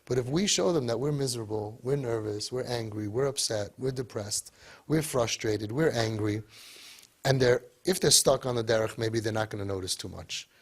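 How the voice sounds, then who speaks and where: A man giving an animated motivational talk to parents, full of rhetorical questions. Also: mid-range voice, moderate pace. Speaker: speaker to parents.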